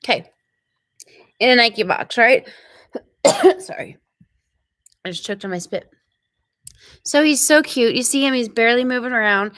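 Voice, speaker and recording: A woman hosting a ranch live stream, telling a story in an animated, quick way and acting out what people said. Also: on the high side, no room sound. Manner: animated, quick retelling with acted-out quotes. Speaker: ranch channel host.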